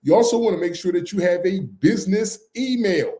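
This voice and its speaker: A man co-hosting a podcast, teaching in an energetic, emphatic way and repeating his key points again and again. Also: high-pitched, a little fast, roomy sound. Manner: repetitive and emphatic, drills points over and over. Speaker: podcast co-host teaching business credit. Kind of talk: energetic live-stream teaching.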